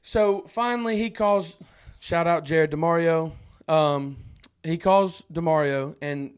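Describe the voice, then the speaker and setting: A man with a notably high voice tells a story as a podcast guest. He talks casually and acts out the voices of the people in the story. He laughs between lines as he goes. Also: slow, clean tone. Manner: animated, acts out quoted voices, frequent laughs.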